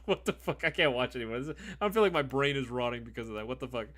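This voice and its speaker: A man hosting a casual live stream Q&A, excitable and profane, who laughs easily. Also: medium pitch, racing.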